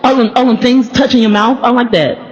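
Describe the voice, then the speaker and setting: A woman preaching a sermon and telling a personal story, animated and laughing often as she speaks. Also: on the high side, fast, big-room sound, muffled recording. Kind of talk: sermon testimony.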